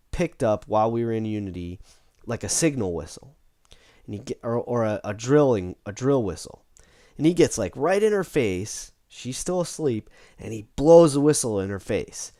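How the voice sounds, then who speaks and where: A man recaps a tabletop game session in a casual, rambling way. He keeps restarting and correcting himself. His pitch swings widely, and the sound is dry and close. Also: darkish tone, no room sound.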